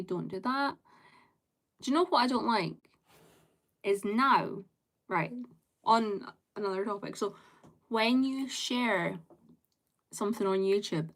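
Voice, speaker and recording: Young woman livestreaming, chatty and rambly, lots of likes and ums, laughs a lot. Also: mid-range voice. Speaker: live streamer. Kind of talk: casual chat with live viewers.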